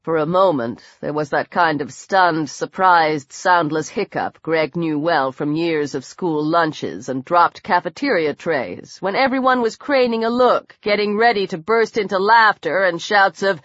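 Female audiobook narrator, unhurried dramatic horror reading; muffled, dead-dry sound. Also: medium pitch, fairly bright tone, no echo. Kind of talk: scripted narration. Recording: dull dry audiobook recording.

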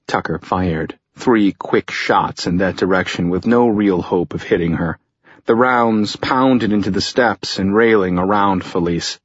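A low, husky male voice reads an action story with slow, deliberate weight, each line measured and dramatic. The recording is dry and close, with a somewhat dull, lo-fi sound. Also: no room sound. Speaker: audiobook narrator. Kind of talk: scripted narration.

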